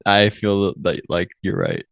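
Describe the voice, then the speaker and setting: A man's voice: low-pitched, sing-song, a little slow, creaky, a bit bright, dry recording. A man co-hosting a film podcast, laid-back and chatty, with dry remarks and casual swearing. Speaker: podcast co-host. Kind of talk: casual chat.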